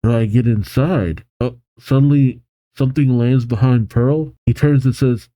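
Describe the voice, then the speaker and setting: Dark-voiced man reading a manga aloud. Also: medium pitch, moderate pace, no echo, poor audio. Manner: animated, reads character lines with excitement, laughs often. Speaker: manga reaction host.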